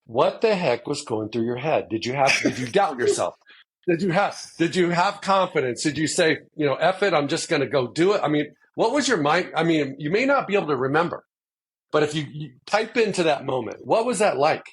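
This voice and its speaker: Husky-voiced man asking eager questions. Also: on the high side, animated, brisk. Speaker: podcast host, sports agent. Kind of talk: interview questions.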